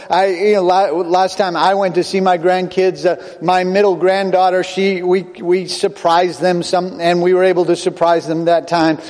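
An older man preaches from the pulpit, his somewhat high voice rushing ahead in bursts and then slowing on emphatic phrases. The sound rings out with a long reverb, like a church sanctuary. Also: darkish tone. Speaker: pastor. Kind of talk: sermon.

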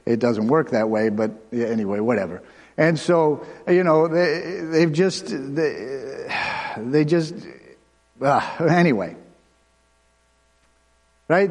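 Pastor, male, fairly high voice, chatty preaching style, long reverb. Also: lively intonation, a little mellow. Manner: conversational preaching with asides and quick runs. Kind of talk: sermon.

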